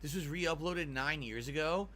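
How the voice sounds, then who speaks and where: A man's voice: a little high, moderate pace, a bit bright, slight background noise. A man streaming as he reacts to his own old clips, chatty and self-mocking. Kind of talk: casual stream commentary.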